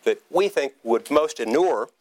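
A man's voice: mid-range voice, animated, a little mellow. Wry man telling a speech anecdote. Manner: wry, self-deprecating storytelling with halting restarts. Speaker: senator giving a speech.

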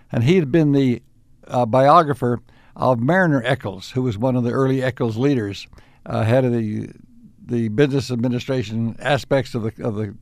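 An older man being interviewed, recalling his life in unhurried stories with frequent restarts and small chuckles. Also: medium pitch, darkish tone, no room sound, clean studio sound. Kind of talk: reflective storytelling.

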